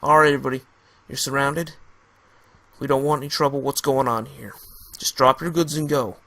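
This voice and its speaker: A man puts on a hostile rifleman leader, snarling and stern, barking orders in a louder, commanding voice. The tone has a gravelly edge. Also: medium pitch, fairly even intonation, brisk, natural voice.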